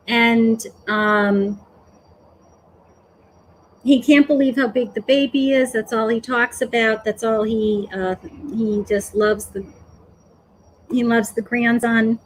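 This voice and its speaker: Slow, soft-spoken woman psychic. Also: on the high side, slight background noise, rough recording. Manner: slow, hesitant, full of "okay" and "um". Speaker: psychic medium. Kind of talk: live-streamed psychic reading.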